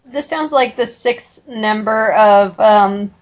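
A woman's voice: medium pitch, takes it slowly, rough recording. A woman co-hosting a casual podcast, teasing the others and laughing easily. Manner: teasing, giggly. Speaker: podcast co-host.

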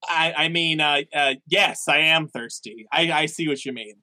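A man improvising as a player in a tabletop role-play over a call, excitable, playful and rambling. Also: a little high, moderate pace, no room sound.

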